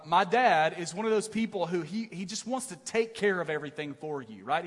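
A middle-aged man preaching a sermon as pastor, telling stories in an animated, self-deprecating way with many "right?" asides. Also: high voice, big-room sound. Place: large church auditorium.

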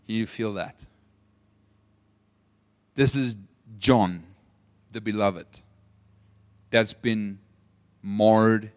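A man preaching a sermon, asking the audience questions and retelling scripture as lively stories. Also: fairly low pitch, clear, resonant tone. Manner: asks the audience rhetorical questions; animated storytelling with acted-out quotes. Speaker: pastor.

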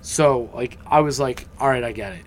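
A man's voice: mid-range voice, normal speed. Young guy telling a story, swears a lot, does everyone's voices, bit of hiss behind. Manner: profane, animated, acts out quoted voices. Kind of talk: casual storytelling.

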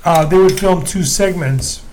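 High-voiced man telling a DJ story. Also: measured pace, noisy background. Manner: laid-back, rambling with fillers. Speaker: DJ guest. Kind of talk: casual storytelling.

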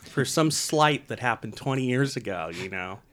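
An American man co-hosting a podcast, chatting casually with jokey, animated banter. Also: medium pitch, normal speed. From United States. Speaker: podcast co-host. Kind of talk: casual chat.

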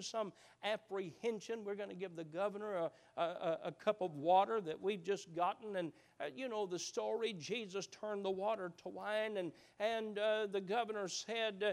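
A man preaching a sermon, halting with many uh's and repeated words, swinging from loud and rising to hushed and low.

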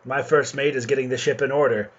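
A man voicing a foppish, pompous male ship captain with a high, affected voice. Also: steady tone, fast talker, husky, lo-fi sound, lightly acted. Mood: genteel.

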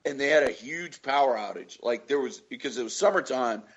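A man from Florida trades movie stories in a relaxed podcast chat, peppering them with swearing and loud acted-out quotes. His voice sits at a medium pitch, and the recording sounds a little dull and lo-fi. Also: a little fast, husky. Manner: swearing storyteller, acts out quotes loudly. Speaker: podcast co-host. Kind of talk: casual chat.

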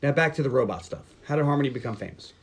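A man's voice: medium pitch, lively intonation, racing, breathy edge. A man co-hosting a movie podcast, recapping the plot from notes and cracking crude jokes. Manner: joking, crude, playful; reads plot summary from notes. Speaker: podcast co-host. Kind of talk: casual movie podcast chat.

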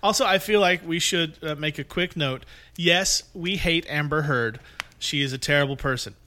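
A man with a bright, forceful voice pitched a little high, co-hosting a loose movie podcast. He talks casually and bluntly, swears freely and laughs easily. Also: moderate pace. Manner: profane, opinionated, laughs often. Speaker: podcast co-host. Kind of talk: casual chat.

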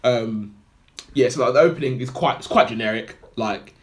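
A man's voice: mid-range voice, moderate pace. A man co-hosting a casual film review podcast, rambling through his opinions with lots of fillers. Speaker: podcast co-host.

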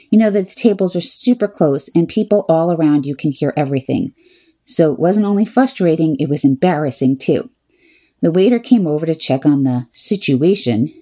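Low, mellow woman telling a wry story. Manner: wry, exasperated, deadpan asides. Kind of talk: first-person comic storytelling.

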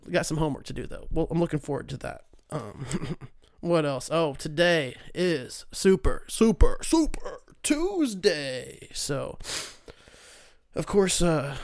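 A young man talks through a loose solo show. He rambles, swears freely and leans on sarcasm, and his voice sits a little higher than most men's. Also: smooth, no room sound, studio quality. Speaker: podcast host. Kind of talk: casual solo commentary.

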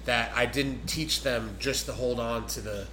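A man's voice: medium pitch, steady tone, a little slow, pushed and bright, a little hiss or hum, low-quality recording. A man who teaches jiu-jitsu, telling a story in casual chat and earnestly explaining his approach.

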